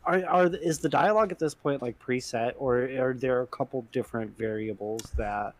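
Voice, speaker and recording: A man's voice: mid-range voice, moderate pace. A man co-hosting a casual gaming podcast, blunt and joking, swearing freely. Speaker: podcast co-host.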